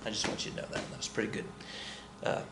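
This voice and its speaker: A man's voice: quick pace, sharp tone, reverberant, a little hiss or hum. Chatty middle-aged male history teacher. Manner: chatty, joking asides, self-corrections. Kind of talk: casual recorded lesson.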